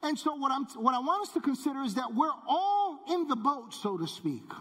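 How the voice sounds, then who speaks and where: High-voiced preacher in a reverberant hall. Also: male voice, very animated, brisk, a bit bright. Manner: emphatic preaching, repeats phrases, drops low for key words. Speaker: pastor. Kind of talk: sermon.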